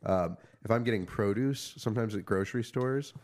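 A man co-hosting a casual podcast chat, telling stories in a profane, animated way. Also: lowish voice, brisk. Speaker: podcast co-host.

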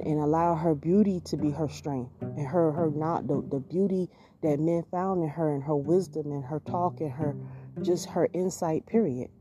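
A woman with a Southern US accent, hosting a podcast and talking straight to her listeners in a folksy, repetitive way. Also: sits low. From southern United States. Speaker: podcast host. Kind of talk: casual monologue.

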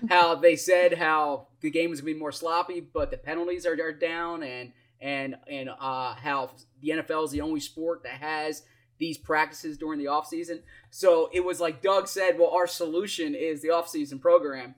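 A man's voice: a little high, fairly even intonation, moderate pace, fairly bright tone. A man co-hosting a sports podcast, talking casually, with many restarts while he works his way to a question. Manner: hesitant, full of restarts and fillers, asks questions. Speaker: podcast co-host.

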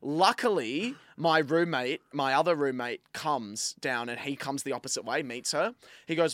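A man's voice: medium pitch, normal speed, no room sound. A man, co-hosting a casual podcast chat and telling stories with lots of swearing. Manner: animated storyteller, swears freely. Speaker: podcast co-host.

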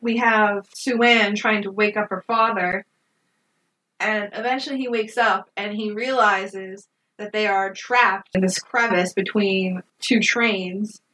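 A woman in casual chat recapping a movie, animated, swearing often and laughing. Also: mid-range voice, slow pace, recorded from a distance, rough recording.

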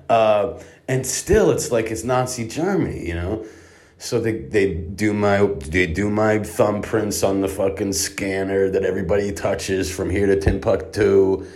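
A man telling a profane comic story in an exasperated, ranting way, with heavy swearing. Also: lowish voice. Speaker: comedic storyteller.

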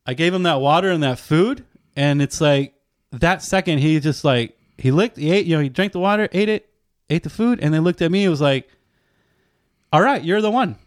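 Man, slightly high voice, relaxed and profane storyteller, animated chat. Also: a little fast. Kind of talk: casual chat.

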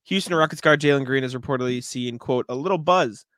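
A man's voice: medium pitch, fast, fairly bright tone, dry recording. A man co-hosting a sports podcast in a shrugging, laid-back way, reading news items aloud. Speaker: podcast co-host. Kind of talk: casual sports chat.

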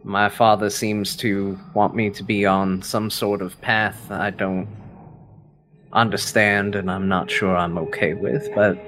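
Man, tabletop player, hesitant, slow deliberate talk, lowish voice. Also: little pitch movement, a bit bright, faint music behind. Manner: hesitant and thoughtful. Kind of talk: in-character tabletop play.

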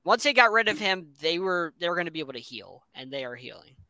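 A man's voice: on the high side, very animated, fast, pushed and bright. A man co-hosting a sports talk show, chatting casually and opinionated about football teams. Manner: enthusiastic, opinionated, rambling.

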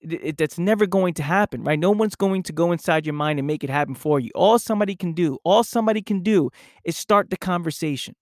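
Slow, deliberate man on a solo podcast. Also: sits high, no room sound, clean studio sound. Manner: slow, deliberate, repeats phrases for emphasis. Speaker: podcast host, personal coach. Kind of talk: reflective solo monologue.

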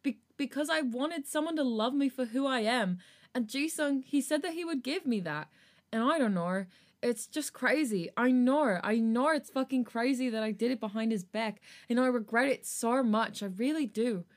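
A woman's voice: a little high, normal speed, pitched above the performer's own voice, lightly acted. A woman voicing a guilt-ridden young man pleading to be heard. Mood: remorseful. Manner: pleading, apologetic.

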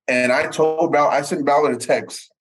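Husky-voiced man telling a story. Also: moderate pace, low-quality recording. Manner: animated, repeats words, jumps up in pitch for quoted voices. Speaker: sportswriter guest. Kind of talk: storytelling in conversation.

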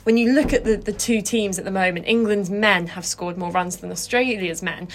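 A woman's voice: medium pitch, moderate pace, slight background noise. A woman co-hosting a cricket podcast, talking through match tactics and statistics in an analytical, casual way. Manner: analytical, cites figures and stats. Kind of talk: casual sports discussion.

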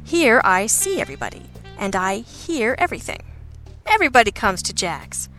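Meet the cheerful, oblivious young man behind the café counter, as a woman reader puts him on. He talks in a breezy, chipper way, and the voice is bright and forward, with faint music behind it in this audiobook reading. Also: a little high, sing-song, moderate pace. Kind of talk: audiobook character voice.

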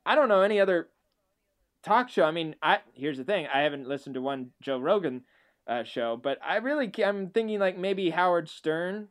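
Smooth, slightly high young man chatting. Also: lively intonation, moderate pace. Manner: hesitant, filler-heavy. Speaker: podcast co-host. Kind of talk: casual chat.

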